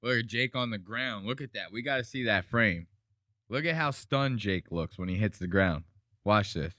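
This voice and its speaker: A man's voice: normal speed, no echo, clean studio sound. A man hosting a casual podcast, talking over fight clips, swearing a lot and mimicking people. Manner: animated, profane, mimics people in high voices. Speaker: podcast host.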